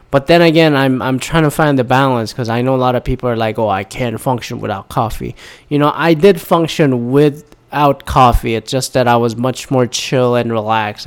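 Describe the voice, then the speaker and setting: A man's voice: mid-range voice, smooth. A man in a casual, rambling monologue, profane and sarcastic, a little tired as he winds down from caffeine. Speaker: vlogger.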